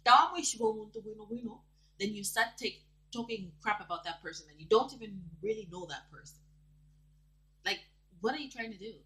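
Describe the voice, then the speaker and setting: A young woman from Zambia with a bright, forceful voice, giving casual gossip commentary. She talks in an animated, dramatic way and laughs often. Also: medium pitch, a little fast, rough recording. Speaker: vlogger.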